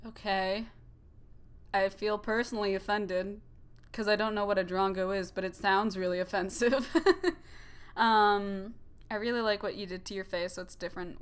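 A woman's voice: mid-range voice, clean tone. A young woman hosting a let's play, rambling and joking as she comments on a game. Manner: giggly, joking, rambling asides. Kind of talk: casual gameplay commentary.

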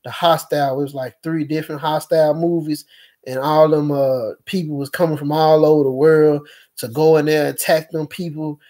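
A man with a somewhat higher-pitched voice talks in a loose, rambling monologue. He stops often on fillers and restarts his sentences as he goes, keeping a conversational tone. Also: flat delivery, normal speed, warm tone. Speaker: speaker recounting experiences.

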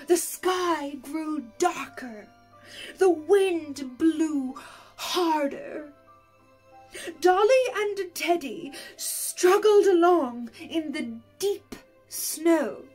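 Slow, gentle woman reading a picture book. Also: sits high, animated, soft background music. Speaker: storyteller for pre-school children.

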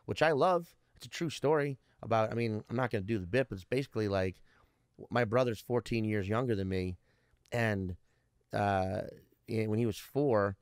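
A man's voice: lowish voice, normal speed, darkish tone, smooth, dry recording, clean studio sound. A man in his thirties, a comedian guest, telling rambling stories in casual interview chat and swearing constantly. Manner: heavy swearing, rambling storyteller.

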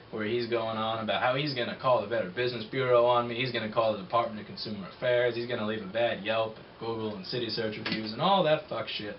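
A man's voice: fairly low pitch, dull audio, slight background noise. A man who owns a repair shop tells a story in a casual, blunt and profane rant, full of sarcasm.

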